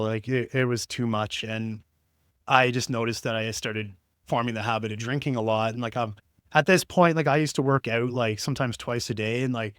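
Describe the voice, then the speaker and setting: A young man tells his own story on a podcast, rambling and leaning on "like" at every turn. His voice is smooth and resonant, recorded close and dry in a home studio. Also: medium pitch, a bit bright, no room sound. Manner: rambling, heavy use of "like" fillers. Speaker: podcast host. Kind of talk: personal storytelling.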